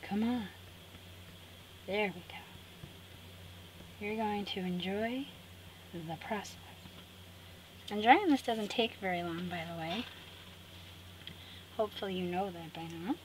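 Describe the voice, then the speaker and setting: A woman's voice: medium pitch, a little slow, pauses often, poor audio. Chatty woman hosting a craft tutorial. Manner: talks to herself, cheerful asides to viewers. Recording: clear background noise.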